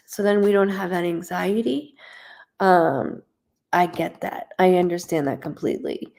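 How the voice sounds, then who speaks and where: A woman's voice: lowish voice, normal speed, vocal fry, mellow. A woman working as a psychic medium on a casual live stream, talking straight to the viewer in a blunt way and swearing freely.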